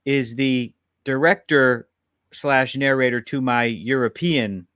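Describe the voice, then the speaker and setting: A man's voice: medium pitch, slow pace, a bit bright, no room sound. Playful male podcast host, dry sound. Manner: playful, laughs often, rambling restarts. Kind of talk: casual comedic chat.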